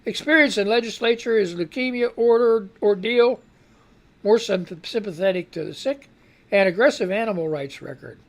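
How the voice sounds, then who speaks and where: This high-voiced man talks at a normal speed while running a live news broadcast on the radio and reading the headlines aloud from a screen. He drifts into meandering remarks and bursts of exasperation, all while seeming to fight off a cough.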